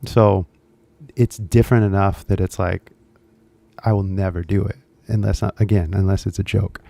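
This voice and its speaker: A man's voice: sits low, flat delivery, moderate pace, creaky, warm tone. A man with an American accent hosting a casual question-and-answer chat, rambling with lots of fillers. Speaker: host.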